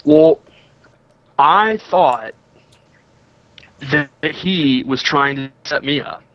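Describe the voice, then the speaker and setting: A male guest on a gaming talk show, sheepish and quick to admit fault. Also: fairly high pitch, fairly bright tone, no room sound. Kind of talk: casual call-in talk. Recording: dull, muffled line.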